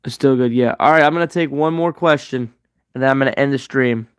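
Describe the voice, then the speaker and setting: A man's voice: mid-range voice, a little fast, clean tone. A young man hosting a casual livestream Q&A, rambling and answering chat messages as he goes. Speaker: livestream host.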